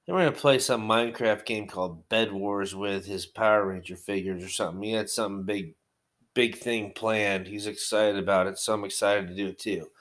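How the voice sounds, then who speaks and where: A slightly low-voiced man rambles at home about his hobby and life. He talks loosely and conversationally, drifting into profane rants along the way. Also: fairly even intonation, brisk, a bit bright. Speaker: hobby wargaming vlogger. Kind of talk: rambling casual monologue.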